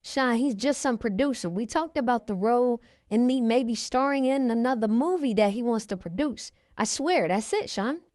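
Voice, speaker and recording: A woman voicing a frightened woman trying to calm her angry partner. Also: on the high side, normal speed, few pauses, dry recording, studio quality, natural voice. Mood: pleading. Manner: pleading, placating.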